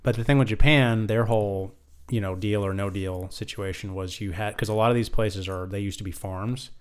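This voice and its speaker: A man's voice: on the low side, steady tone, brisk, smooth. A man co-hosting a casual anime chat podcast, rambling with many restarts and fillers. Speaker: podcast co-host.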